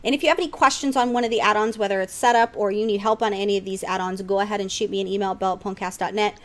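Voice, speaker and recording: Woman cohosting a gaming podcast, lively, swears a lot, teases back fast. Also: medium pitch. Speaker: podcast co-host. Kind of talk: casual chat.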